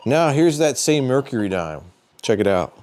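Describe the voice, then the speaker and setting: A man hosting a metal detecting channel, explaining device settings in a relaxed, plain-spoken tutorial and thinking aloud as he goes. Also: medium pitch, moderate pace. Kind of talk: casual how-to tutorial.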